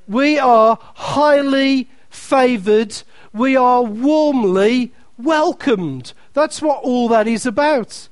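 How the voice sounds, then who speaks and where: A man's voice: very high voice, slow, smooth, dry recording. A man preaching a sermon, emphatic and repeating key phrases, reading scripture aloud with playful asides to the congregation.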